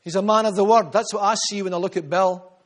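High-voiced Scottish pastor preaching. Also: male voice, fairly even intonation, fast talker. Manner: preaching with emphatic repetition, drops to quiet asides. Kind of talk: sermon.

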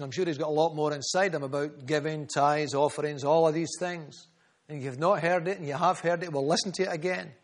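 A man preaching a sermon, fervent and rhythmic, calling out members of the congregation by name. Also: fairly high pitch. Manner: rhythmic repetition, builds in volume.

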